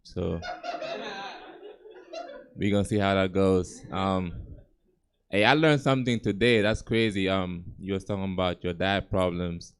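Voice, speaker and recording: A young man from Gambia performs stand-up at a comedy club, talking in a relaxed, conversational way. His voice sits on the lower side and sounds smooth and resonant through a handheld stage mic. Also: a little slow, long pauses. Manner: laid-back, conversational, chuckling at own jokes.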